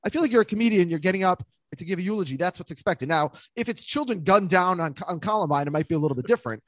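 Fast-talking male podcast host. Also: high-pitched, animated, no room sound. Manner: quick, rambling, joking. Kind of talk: casual podcast chat.

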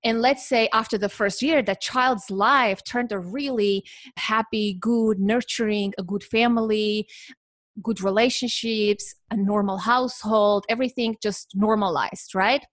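Woman, podcast guest, measured explaining, dry close sound. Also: mid-range voice, fairly even intonation, no room sound. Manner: measured, explains with examples and lists.

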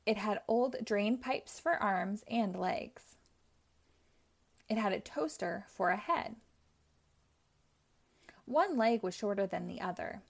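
A woman hosting a read-aloud show, narrating a children's chapter book in a clear, even way. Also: mid-range voice, takes it slowly, pauses often. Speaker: host.

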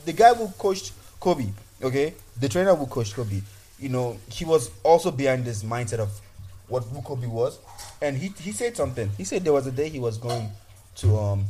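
A man's voice: medium pitch, mellow. A man hosting a casual podcast, telling stories animatedly and repeating words.

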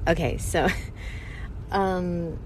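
A woman co-hosting a casual chat, joking around and firing off quick questions. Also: lowish voice, steady tone, a little mellow, slight background noise. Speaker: podcast co-host. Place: parked car.

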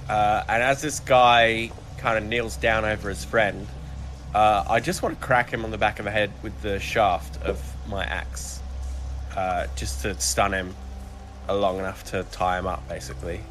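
A man playing a tabletop game, describing his character's actions in an unhurried way. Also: fairly low pitch, steady tone, a bit bright, a little hiss or hum. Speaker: player.

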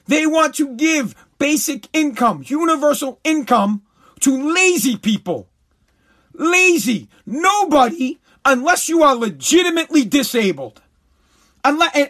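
Very high-voiced ranting man. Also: very animated, measured pace. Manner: heated, profane, repetitive, bursts into shouting. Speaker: commentator. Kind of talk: ranting commentary.

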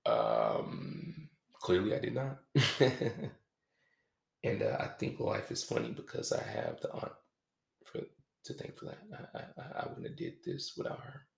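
Male podcast host, deep and very gravelly, halting and reflective, echoey room. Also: huge pitch swings. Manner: halting, reflective, casual with swearing. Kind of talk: confessional podcast monologue.

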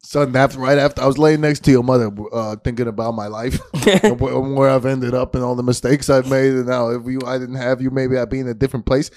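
A man putting on a gruff, low, mumbling father who nags and guilt-trips his son. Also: level tone, fast, darkish tone, no echo, studio quality, natural voice. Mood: weary. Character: gruff older immigrant-style father nagging his son.

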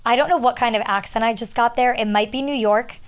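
A woman's voice: a little high, a little fast, smooth. A young woman talking casually to her audience, sharing travel tips in a chatty, rambling way with lots of fillers. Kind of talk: casual advice talk.

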